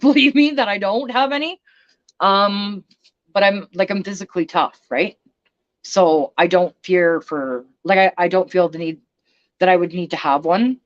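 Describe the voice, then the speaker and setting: A woman's voice: lowish voice, highs cut off. A woman ranting bluntly on a casual livestream, swearing and speaking emphatically. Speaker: vlogger.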